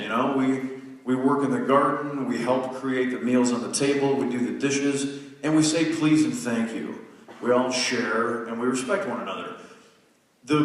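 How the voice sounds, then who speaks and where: Man telling funny stories in an echoey hall. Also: mid-range voice. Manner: conversational storytelling, self-deprecating, quick restarts. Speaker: guest speaker. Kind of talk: humorous live talk to an audience. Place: large lecture hall. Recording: distant mic in an echoey hall.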